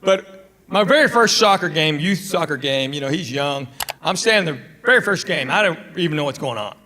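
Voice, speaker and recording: A man's voice: fairly high pitch, expressive, brisk. A middle-aged man with a Southern American accent, telling stand-up comedy stories in a drawling, conversational way and bantering with the crowd. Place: comedy stage before a live audience. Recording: live stage recording with loud crowd laughter and noise.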